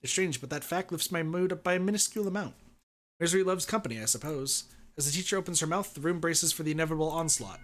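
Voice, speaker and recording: A man streaming, reading a visual novel aloud in steady first-person narration. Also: fairly high pitch, quick pace.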